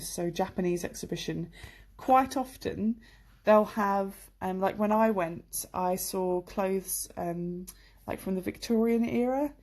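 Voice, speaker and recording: A woman's voice: mid-range voice, warm tone. A woman from England giving a chatty, enthusiastic online English lesson, with many fillers, on a computer microphone. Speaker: English teacher.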